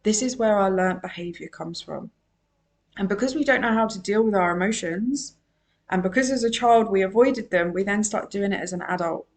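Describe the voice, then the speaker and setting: A woman's voice: medium pitch, moderate pace. A woman and emotional wellbeing coach giving a solo podcast monologue. She talks in an earnest, emphatic way and repeats her key phrases.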